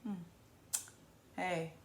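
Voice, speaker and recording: A woman comedian from Virginia in her thirties, hosting a casual live stream in a playful, animated way. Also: very slow. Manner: animated, playful, southern-tinged slang with hype-up exclamations. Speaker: comedian and show host. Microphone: camera mic on a live stream. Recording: roomy echo.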